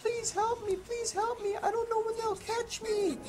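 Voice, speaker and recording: A man doing a squeaky, frightened girl. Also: level tone, unhurried, a little mellow, faint music behind. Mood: scared pleading. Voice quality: high falsetto. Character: frightened young girl pleading for help. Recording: noisy home recording.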